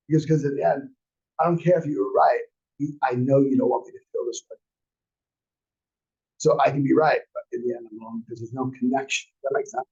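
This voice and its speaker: Forties male instructor, husky, gravelly, storytelling style, dull lo-fi sound. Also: mid-range voice, fairly even intonation, fairly quick, a little mellow. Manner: rambling, anecdotal, acts out quotes. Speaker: real estate class instructor. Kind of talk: casual storytelling lecture.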